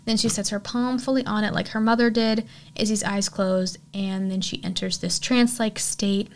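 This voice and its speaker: A woman hosts a horror podcast and walks through a film scene by scene. She talks casually, peppering her retelling with fillers as she goes. Her voice sits at an ordinary middle pitch. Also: creaky. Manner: chatty, filler-heavy retelling.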